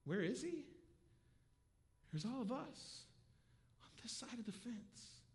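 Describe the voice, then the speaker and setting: High-voiced pastor telling a sermon story. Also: male voice, takes it slowly, slightly rough. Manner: animated, swings from quiet to near-shouting; conversational, with restarts and asides.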